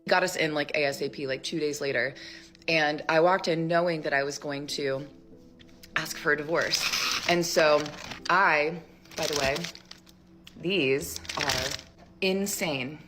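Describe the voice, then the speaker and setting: A woman in her thirties telling a personal story in a casual, rambling way, full of "like", acting out quoted lines with sudden jumps up in pitch. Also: measured pace, pauses often, noisy background. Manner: chatty, rambling, heavy use of "like". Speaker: storyteller in a social media clip.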